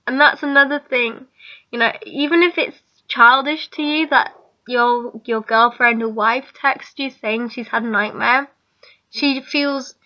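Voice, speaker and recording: Young woman, high bright voice, casual giggly vlog chat, lo-fi sound. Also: steady tone, a little slow. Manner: chatty, giggly, rambling. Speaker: vlogger. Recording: dull lo-fi recording.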